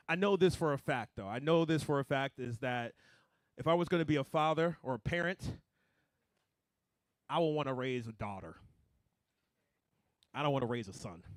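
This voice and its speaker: Animated young stand-up comedian, man. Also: a little high, dry recording, clean studio sound. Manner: animated, swings between mumbling asides and loud punchlines.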